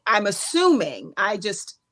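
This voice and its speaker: A woman co-hosting a podcast, talking reflectively and pausing to search for her words. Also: mid-range voice, wildly swooping pitch, fairly bright tone. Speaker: podcast co-host. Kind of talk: casual chat.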